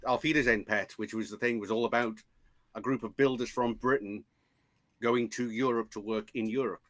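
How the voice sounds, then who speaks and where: Halting man talking films as a guest. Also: medium pitch, fairly even intonation, fairly bright tone, no room sound. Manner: halting, repeats words while thinking. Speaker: podcast guest. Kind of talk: casual film discussion.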